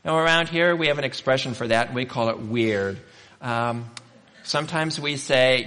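A man's voice: mid-range voice, lively intonation, measured pace, sharp tone, long reverb tail. A male pastor preaching a sermon, telling stories in a conversational way and asking the congregation rhetorical questions.

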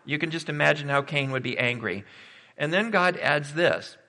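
Bright-voiced preacher in a reverberant hall. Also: male voice, a little high, lively intonation, normal speed. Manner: conversational, thinking aloud with rhetorical questions. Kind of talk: sermon.

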